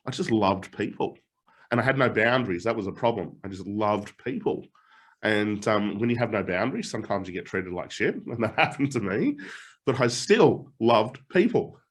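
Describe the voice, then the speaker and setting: Middle-aged man, motivational coach, lively pitch, laughs a lot, swears casually. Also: moderate pace, husky. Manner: animated storytelling, laughs often, swears casually. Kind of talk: live online challenge talk.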